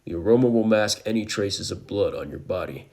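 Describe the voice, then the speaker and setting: A rugged hunter father, as a man puts him on, steady and sure of himself, with folksy old-country turns of phrase. His low voice carries a gravelly edge. He sounds like someone who has survived many hunts in the woods. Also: a little fast, lightly acted. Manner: folksy rustic speech, reassuring.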